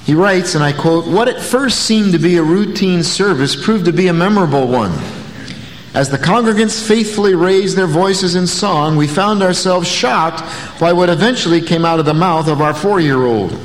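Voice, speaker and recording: A pastor preaching a sermon, telling stories with a dry, folksy humor. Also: male voice, high voice, normal speed. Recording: long reverb, faint noise.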